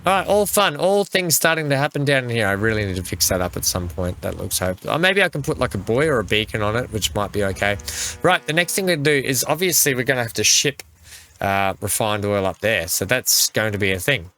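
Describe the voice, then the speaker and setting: A man's voice: mid-range voice, expressive, brisk, pushed and bright, a little hiss or hum. A man hosting a game playthrough, chatting casually and talking to the vehicles on screen. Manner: chatty, talks to the game's vehicles. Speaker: gaming channel host. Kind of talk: let's play commentary.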